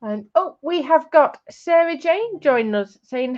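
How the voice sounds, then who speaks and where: A woman's voice: sits high, lively intonation, unhurried. Female host, chatty, teasing, lo-fi stream sound. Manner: teasing, chatty, breaks into laughter. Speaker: host of a crafting livestream. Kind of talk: casual livestream chat, reading out chat comments. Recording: dull lo-fi stream audio.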